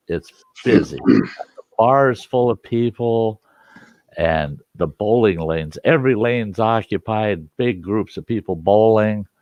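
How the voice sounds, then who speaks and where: Folksy man telling a salty yarn. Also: fairly low pitch. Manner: folksy, animated, salty language. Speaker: storyteller host. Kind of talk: casual spoken storytelling. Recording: dull dry lo-fi recording.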